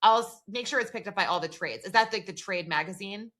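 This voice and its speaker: A woman co-host talks briskly at medium pitch with a fairly bright tone. During the podcast's casual chat she narrates scenes and reads lines of dialogue, saying "like" frequently.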